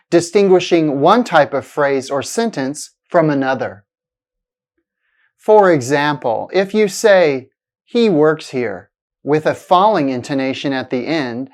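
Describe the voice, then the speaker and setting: Woman, pronunciation teacher, low voice that swoops up and down, deliberate scripted delivery. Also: a little mellow. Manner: clear, deliberate, exaggerated intonation in examples. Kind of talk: scripted lesson narration.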